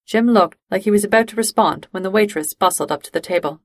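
A woman narrating a fan-fiction audiobook in a steady, even storytelling manner. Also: medium pitch, quick pace, hardly any pauses, no room sound.

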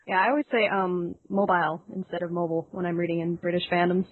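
A woman's voice: fairly low pitch, fairly even intonation, fast talker, no echo. A woman who reads fan podcasts, chatting casually and laughing easily. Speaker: podcast reader. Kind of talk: casual chat. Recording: dry phone-like audio.

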